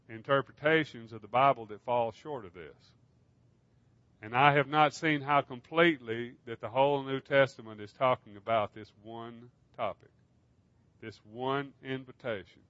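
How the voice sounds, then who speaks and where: A man's voice: medium pitch, fairly bright tone, no room sound, highs cut off. A man preaching a sermon, earnestly asking his listeners questions. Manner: earnest, asks the congregation questions. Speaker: pastor.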